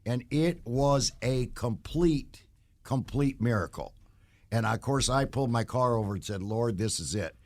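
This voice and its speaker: A man's voice: medium pitch, a little slow. A man talking in a loose, rambling way as a podcast guest. He tells stories from his life and speaks earnestly about his faith. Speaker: guest, bounty hunter. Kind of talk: casual interview talk.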